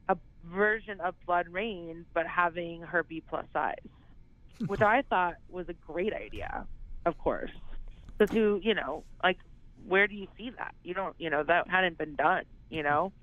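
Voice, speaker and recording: Rambling actress on a tinny phone line. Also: female voice, lowish voice, a little slow, no echo. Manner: rambling, heavy use of "like" and "you know". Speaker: actress, interview guest. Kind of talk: casual phone interview.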